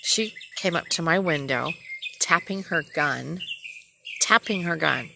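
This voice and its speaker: Low gravelly woman ranting bluntly. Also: a little slow, background noise. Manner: blunt, profane, animated storytelling. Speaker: nurse. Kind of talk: ranting personal vlog.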